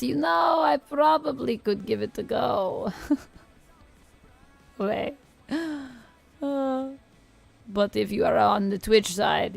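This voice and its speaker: A woman's voice: medium pitch, vocal fry. A woman streamer chatting casually with her viewers and answering their comments. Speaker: streamer, tarot reader. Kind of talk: casual livestream chat.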